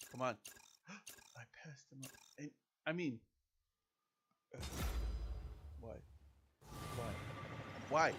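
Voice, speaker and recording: A man chatting casually over a video game, excitable and self-deprecating. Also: medium pitch, noisy background. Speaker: gaming YouTuber. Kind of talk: casual gameplay commentary.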